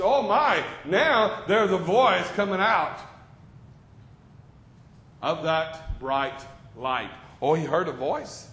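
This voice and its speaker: A high-voiced male preacher gives a sermon in a church classroom with a board. He shifts from easy talk to loud bursts and soft asides. His voice echoes around the room.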